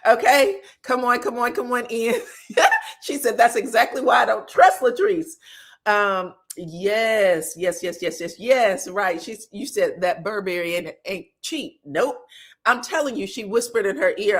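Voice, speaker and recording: A woman hosting a live reaction stream, recapping reality TV drama in an animated, emphatic way and laughing often. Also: on the high side, a little slow. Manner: acts out cast members' lines in quoted voices. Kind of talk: live gossip reaction chat.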